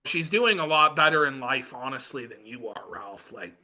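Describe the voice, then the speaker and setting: A man's voice: medium pitch, expressive, normal speed, pushed and bright. A male co-host chatting casually, sarcastic and teasing. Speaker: podcast co-host. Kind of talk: casual chat and commentary.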